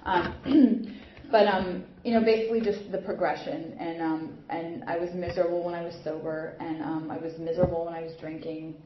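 A woman's voice: on the low side, fairly even intonation, normal speed, noisy background. A young adult woman giving a personal recovery talk at a meeting, rambling with many fillers and restarts. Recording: muffled echoey room recording.

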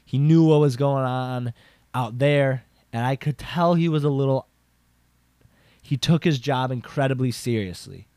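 A young man hosting a podcast, telling a casual story with lots of filler words and restarts, getting animated for emphasis. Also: unhurried, dry recording, studio quality. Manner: rambling, filler-heavy with frequent "like" and restarts; animated, jumps up in pitch for emphasis. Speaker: podcast host.

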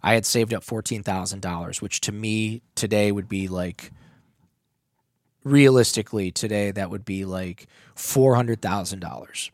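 A man's voice: on the low side, measured pace, no echo, studio quality. A man telling a candid personal story, emotional and full of swearing. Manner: emotional, profane, animated storytelling.

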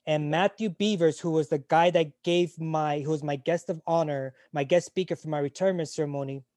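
Retired Navy corpsman in his 40s, interview guest; mellow, raised male voice, candid and profane, halting delivery. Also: fairly high pitch, fairly even intonation, no room sound, studio quality. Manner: frank and emotional, swears freely, halting restarts. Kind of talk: candid conversational storytelling.

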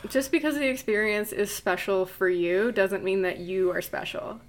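A woman's voice: medium pitch, moderate pace. A woman co-hosting a podcast in casual chat, speaking bluntly and matter-of-factly. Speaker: podcast co-host.

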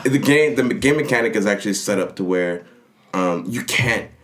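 A man chatting casually about a video game, telling stories with lively energy and acting out characters in funny voices. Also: lowish voice, moderate pace. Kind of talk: casual gaming chat.

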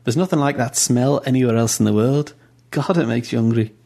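A man's voice: mid-range voice, fairly quick, gravelly, mellow, voice pushed up. A man voicing Mo, a blunt, irreverent grumbler. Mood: grumbling.

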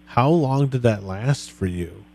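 Relaxed male podcast host. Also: mid-range voice, unhurried, creaky, no echo. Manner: relaxed, friendly, reads quotes back to the guest. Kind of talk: conversational interview.

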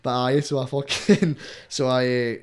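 A man's voice: medium pitch, fairly even intonation, moderate pace. A young man with a Scottish accent, a guest rapper chatting casually, rambling and swearing constantly, tagging everything with "mate.". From Scotland. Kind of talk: casual interview chat.

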